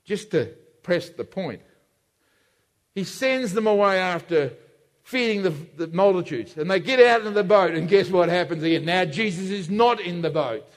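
A male preacher giving an emphatic sermon that swings between loud and hushed, heard in an echoey hall. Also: high-pitched, normal speed. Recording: echoey hall with long reverb.

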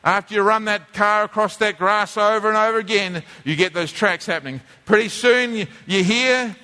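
A man's voice: sits high, normal speed, pushed and bright. A man, preaching a conversational teaching sermon from a drawing board, often repeating and restarting his words. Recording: long reverb of a church hall.

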